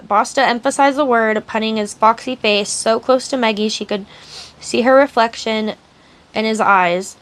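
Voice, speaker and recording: Woman streamer, slightly high voice, steady read-aloud narration. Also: normal speed. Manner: steady storytelling narration, blunt asides. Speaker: streamer reading a novel aloud. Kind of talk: audiobook-style reading on a live stream.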